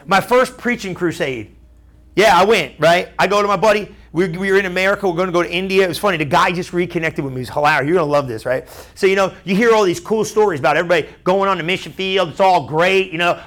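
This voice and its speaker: A man pastor preaching a sermon through a story, chatty and animated, often asking the crowd "right?". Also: sits high, fast.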